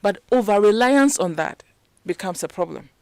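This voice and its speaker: A woman's voice: medium pitch, expressive, normal speed, a little mellow, no room sound. Woman, radio studio guest, dry close sound, teaching with rhetorical questions. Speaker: leadership and communication strategist, guest. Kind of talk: radio interview, explaining to a host.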